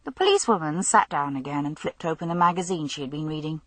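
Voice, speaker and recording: Low, husky woman narrator for a mystery audiobook; dry, measured read. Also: big pitch swings, no room sound.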